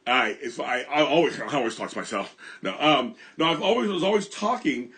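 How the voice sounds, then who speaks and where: Animated middle-aged host, earnest. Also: male voice, mid-range voice, fairly quick. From Los Angeles. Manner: earnest and reflective, repeats and restarts phrases. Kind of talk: candid conversational storytelling.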